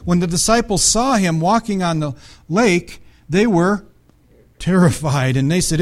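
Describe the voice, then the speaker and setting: A man with a notably high voice preaches to his congregation. He reads scripture passages aloud and breaks in with casual asides. He keeps asking his listeners whether they follow. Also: moderate pace. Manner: conversational preaching with frequent checks to the congregation. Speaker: pastor. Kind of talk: sermon.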